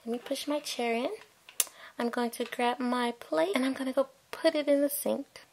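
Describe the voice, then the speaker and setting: A woman's voice: high voice, steady tone, moderate pace, a little mellow, slight background noise. A woman voicing a sweet, gushing young woman doll who is visiting her best friend, in a toy play video.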